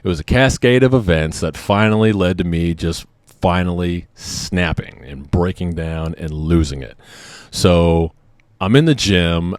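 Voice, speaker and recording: Agitated man venting, low dry voice. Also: dry recording. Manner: emotional, agitated venting, profane. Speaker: military member vlogger. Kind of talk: personal confessional vlog.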